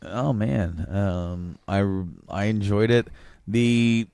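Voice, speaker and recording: Chill guy on a comics podcast, lowish voice, lots of ums and likes, dry sound. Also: creaky, a little mellow, smooth, dry recording. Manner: laid-back, halting, many fillers. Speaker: podcast co-host. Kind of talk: casual comic book chat.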